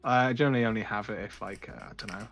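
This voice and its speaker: A young man with a British accent, speaking a little low, chats as a podcast guest. He sounds laid-back and mumbles his words, often letting sentences trail off. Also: quick pace, creaky, a bit bright, soft background music. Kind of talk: casual chat.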